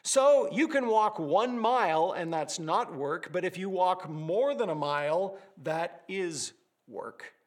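Guy preaching a sermon, pretty high voice, lively, paints pictures, cracks little jokes. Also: slow. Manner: animated preaching with vivid word pictures and humorous asides. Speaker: pastor.

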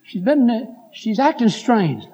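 A man's voice: very high-pitched, sing-song, normal speed, warm tone, in a large hall, dull audio, pitched above the performer's own voice. A male preacher voicing a worried grown daughter who complains indignantly about her mother.

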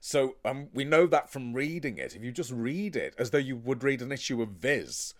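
An actor chatting on a podcast in a blunt, profane, animated way. His pitch swings widely as he talks, and he sits at a middling pitch for a man. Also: moderate pace. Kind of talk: casual podcast chat.

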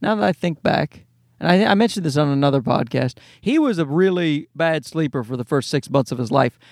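A man's voice: a little high, expressive, brisk, a little mellow, no echo, clean studio sound. Exasperated profane man ranting. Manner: exasperated, profane, rambling with restarts. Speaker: podcast host. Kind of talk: casual comedic rant.

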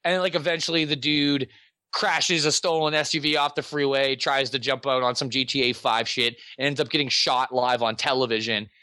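A man hosting a podcast in casual chat, excitable and joking, with quick asides. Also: mid-range voice, no room sound, clean studio sound. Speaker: podcast host.

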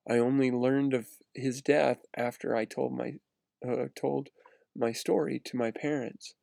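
A man reads a personal story aloud in an earnest, steady way, sometimes restarting a phrase. His voice is gravelly and fry-tinged, recorded close and dry with no room sound. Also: mid-range voice, a little slow, no echo. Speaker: narrator. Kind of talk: read-aloud first-person story narration.

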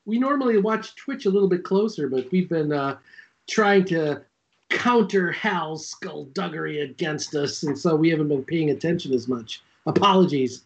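A player in a tabletop game, chatty and quick to laugh. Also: mid-range voice, expressive, lo-fi sound. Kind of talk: casual tabletop play.

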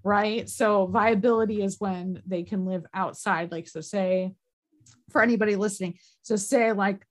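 Earnest woman, halting emotional talk. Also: mid-range voice, fairly even intonation. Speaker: podcast conversation participant. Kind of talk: candid personal conversation.

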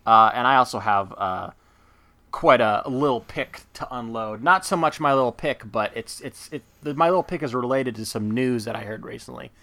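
Bright, chatty male podcast host. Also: medium pitch, normal speed, vocal fry, no room sound. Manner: rambling, enthusiastic, full of fillers and asides. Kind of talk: casual chat.

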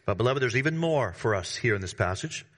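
A man preaching a sermon to his congregation, emphatic, with sudden rises in pitch and volume and casual slangy asides. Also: animated, quick pace, a bit bright. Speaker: pastor.

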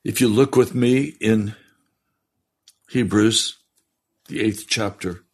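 Man, pastor, broadcast sermon, fiery, low-pitched, reads scripture aloud. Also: slow, slightly rough. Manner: fiery, rising in pitch on pointed questions. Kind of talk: radio sermon.

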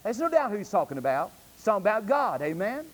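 A man preaches to his congregation, pressing them with rhetorical questions. His voice sits very high, and his delivery rises and falls animatedly. The sound carries a long reverb, as if it was recorded in a church hall. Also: sing-song, fast. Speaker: pastor. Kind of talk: sermon. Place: church sanctuary.

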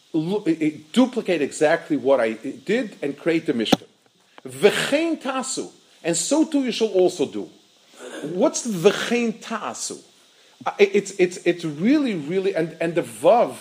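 A man delivers a Torah lecture in a fairly high, very animated voice. He stumbles over repeated words as he builds his point, then chants Hebrew verses and translates them. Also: a little hiss or hum, rough recording. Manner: halting, repeats words while searching for phrasing. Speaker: rabbi.

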